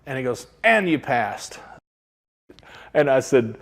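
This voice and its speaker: A man's voice: mid-range voice, big pitch swings, normal speed, long pauses, soft background music. A man, a pilot, telling stories from his career in a casual interview and acting out the quoted dialogue. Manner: anecdotal, acts out quoted dialogue.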